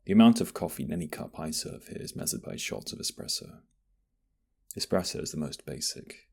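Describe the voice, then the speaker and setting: A man playing a husky, gravelly flirty barista in whispered role-play. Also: very deep voice, expressive, a little fast, full character voice. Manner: flirty, teasing, soft-spoken. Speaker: ASMR roleplay voice actor.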